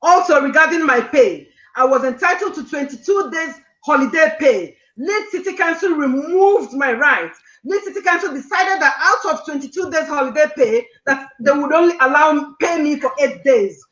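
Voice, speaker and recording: Woman caller, distressed and earnest, high and bright, echoey muffled line. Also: expressive, normal speed, hardly any pauses. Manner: distressed, earnest, repeats points insistently. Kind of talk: emotional personal account on a call-in show.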